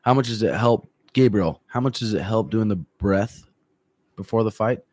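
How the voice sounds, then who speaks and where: A man with a lowish voice chats loosely on a livestream from a room at home, reading out viewer comments and answering them. He talks calmly and swears freely, and he keeps clearing his throat. The sound is close and dry, with no room echo. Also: moderate pace. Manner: relaxed, profane, frequent throat clearing. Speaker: MMA coach.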